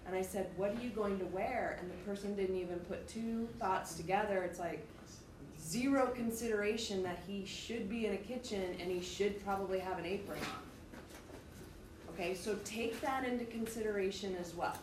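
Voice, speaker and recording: A woman's voice: medium pitch, normal speed, noisy background. A woman teacher giving a direct, emphatic classroom lecture, explaining things to her students step by step. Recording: echoey room, faint ambience.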